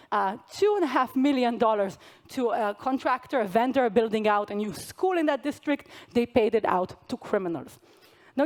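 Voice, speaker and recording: A young woman delivers a conference keynote in a fairly high voice. She keeps it conversational, throwing jokes and asides to the audience between her points. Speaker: keynote speaker. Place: large conference hall stage.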